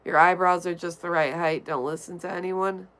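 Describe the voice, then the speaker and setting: A woman's voice: on the low side, fairly even intonation, moderate pace, fairly bright tone. A woman streamer reading her chat aloud and answering it bluntly and offhandedly, vaping between remarks. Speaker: livestreamer. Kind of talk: casual chat reading viewer comments.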